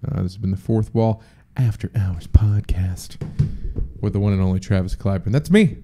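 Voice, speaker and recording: A man's voice: on the low side, normal speed, dark tone, slight background noise. A young man hosting a podcast alone, rambling casually with profane jokes and chatty asides. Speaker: podcast host. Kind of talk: casual solo podcast chat.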